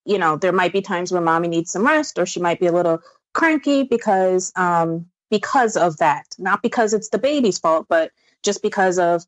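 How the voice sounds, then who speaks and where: A woman's voice: fairly low pitch, moderate pace, no room sound. A woman in her thirties from upstate New York, a podcast guest telling family stories in casual chat, with fillers and easy laughter. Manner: warm storytelling with frequent laughs and fillers.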